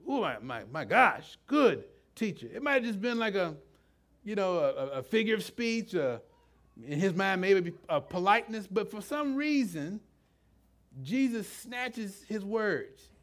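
A middle-aged man preaching a sermon in a conversational, halting way, full of restarts and asides. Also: sits high, animated. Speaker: pastor.

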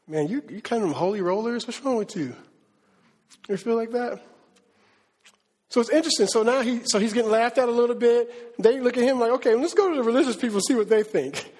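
A male pastor preaching a sermon in a lively, conversational, slangy way. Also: very high-pitched, fast talker, big-room sound.

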